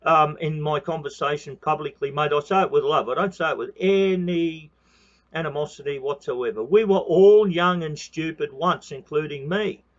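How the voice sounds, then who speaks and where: A man's voice: on the high side, moderate pace, dull audio. An Australian man in his sixties giving a heated, profane monologue on his own channel, repeating phrases and calling the listener mate. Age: 60s. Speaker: channel host. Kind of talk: ranting monologue.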